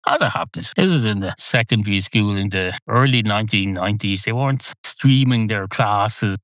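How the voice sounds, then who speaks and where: Wry rambling man, lowish voice. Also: expressive, normal speed, fairly bright tone, no room sound. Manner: wry, digressive, self-mocking. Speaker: podcast host. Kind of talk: solo rambling monologue.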